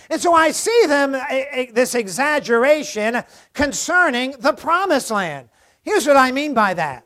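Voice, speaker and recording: High-voiced man preaching a sermon. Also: expressive, unhurried, a bit bright. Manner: earnest preaching with rhetorical questions. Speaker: pastor.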